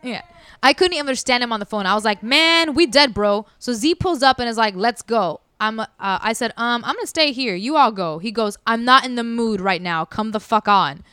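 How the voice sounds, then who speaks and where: A woman's voice: fairly high pitch, brisk, clean tone, no room sound. A woman telling a story casually and animatedly, acting out what people said. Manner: animated, acts out quotes. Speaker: podcast storyteller.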